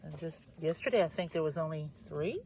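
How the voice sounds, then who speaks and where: A woman's voice: low-pitched, lively intonation, fairly quick, creaky, darkish tone, slight background noise. A woman vlogging her farm chores outdoors, chatting casually and cooing to the animals as she goes. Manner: chatty, coos and talks to the animals. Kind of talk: casual vlog chat while doing farm chores. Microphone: camera set down nearby.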